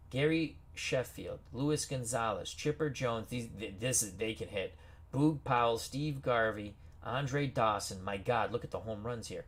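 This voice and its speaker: A man's voice: mid-range voice, measured pace, a bit bright. A man hosting a gaming video, reading player names off team rosters with casual asides and reactions. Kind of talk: casual game commentary.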